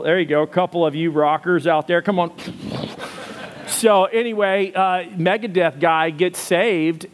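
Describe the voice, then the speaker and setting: A male pastor warms up his congregation with casual stories and jokes at his own expense. His voice sits a little higher than most men's, and his talk is loose and chatty. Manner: chatty, joking, self-deprecating. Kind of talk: sermon opening with casual storytelling. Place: church service before congregation.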